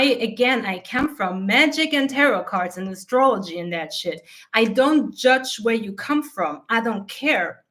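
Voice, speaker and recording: A woman with a slightly high voice speaks casually to her viewers as a coach. She is blunt and profane, swearing freely and laughing often as she talks. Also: a bit bright. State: teary eyes from allergy. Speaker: mindset coach and channel host. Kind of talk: casual talk to camera.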